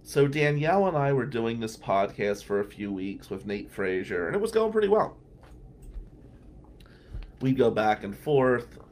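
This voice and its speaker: A man hosts a podcast and tells loose, meandering stories about work and friendship. His voice sits at an ordinary middle pitch, and his casual delivery is broken up by small chuckles. A faint hum of noise sits under the recording. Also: very animated, unhurried, a little mellow. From Atlantic City, New Jersey. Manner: rambling, conversational, chuckles between remarks. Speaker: podcast host and criminal defense lawyer. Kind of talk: casual anecdotal storytelling.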